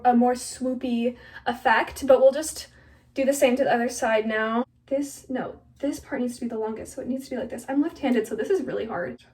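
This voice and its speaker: High-voiced chatty teenage girl. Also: distant mic. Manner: chatty, flustered, self-mocking, lots of "like". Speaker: vlogger. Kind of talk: casual chat while cutting her own hair. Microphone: phone camera.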